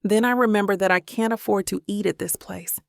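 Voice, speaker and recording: A woman narrating a first-person romance audiobook in a gentle, intimate way on a close mic. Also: medium pitch, fairly quick, vocal fry, no echo.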